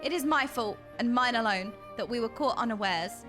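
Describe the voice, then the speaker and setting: A woman's voice: fairly high pitch, normal speed, over music, voice pushed down, lightly acted. Woman doing a humble young man, a mage, formal and earnest, a bit flustered, game dialogue. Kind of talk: reading game dialogue aloud.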